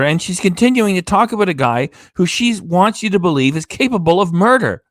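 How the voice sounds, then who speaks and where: A man's voice: high voice, a bit bright, dry recording, studio quality. Tired, sarcastic man ranting on a stream. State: tired, low energy. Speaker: reaction channel host. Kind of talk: reaction commentary on a live stream. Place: home studio with green screen.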